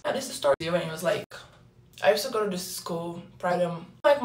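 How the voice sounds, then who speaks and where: A young woman from Brazil with a Brazilian Portuguese accent, telling loose, slangy stories in a casual livestream and reading the chat, swinging between loud bursts and low murmurs. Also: quick pace, distant mic. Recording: echoey room with faint music.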